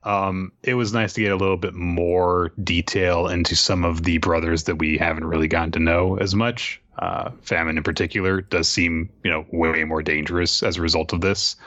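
Deep-voiced man commenting casually. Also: fairly even intonation, moderate pace, hardly any pauses, a bit bright, no room sound, lo-fi sound. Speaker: podcast co-host. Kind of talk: casual chat.

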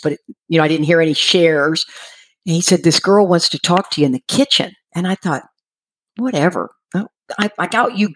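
A middle-aged woman casually telling a personal recovery story, animated and acting out what people said, laughing now and then. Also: fairly low pitch. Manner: animated, acts out quoted voices, laughs while telling.

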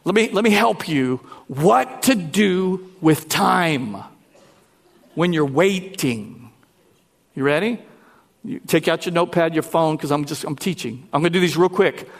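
A man pastor preaching a lively sermon, talking directly to his congregation. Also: fairly high pitch, measured pace, gravelly.

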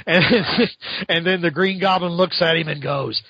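A man's voice: high-pitched, normal speed, a bit bright, no echo, lo-fi sound. A man hosting a podcast, reviewing a comic book in a rambling, sarcastic way and laughing often. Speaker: podcast host.

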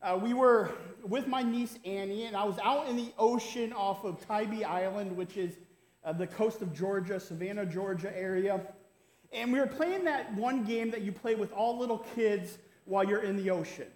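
A man delivers a sermon as if telling a funny story to friends, with a high voice. He keeps checking in with the congregation and leans on quick tags. The sound rings around a large, echoey church hall. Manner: conversational, keeps asking "right?". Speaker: pastor. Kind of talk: sermon with a humorous personal story. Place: church sanctuary.

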